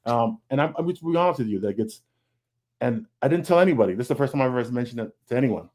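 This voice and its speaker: A man's voice: mid-range voice, expressive, quick pace, a little mellow. A man on a video call panel, talking earnestly and candidly, often repeating words and quoting his own thoughts. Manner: earnest, confessional, repeats words, quotes himself. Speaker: comic artist guest.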